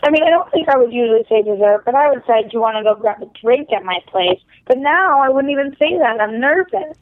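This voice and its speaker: Female podcast co-host, bright higher voice, casual and animated, phone-line sound, dry. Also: fast talker, no echo. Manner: animated, self-deprecating. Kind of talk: casual TV recap chat.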